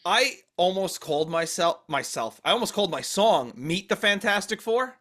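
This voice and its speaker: A man's voice: high voice, animated, moderate pace, pushed and bright. A man hosting a podcast, chatting casually and joking about his own song. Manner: laughing, joking explanations. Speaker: podcast host and songwriter. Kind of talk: casual chat.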